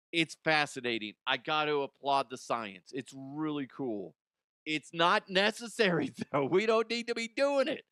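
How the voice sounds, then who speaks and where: A man riffing through comedic news commentary in a slightly high voice, animated and joking. The sound is dry and close, with no room around it. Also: clear, resonant tone, dry recording. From Colorado, USA. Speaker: podcast host.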